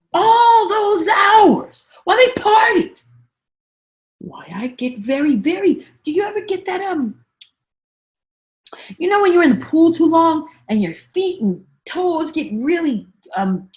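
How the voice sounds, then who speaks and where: A woman comedian playing a daffy, rambling woman politician in a satirical spoof monologue. The figure repeats herself and punctuates her thoughts with deadpan 'yes' asides. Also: very high voice. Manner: swings from hushed asides to sudden loud outbursts.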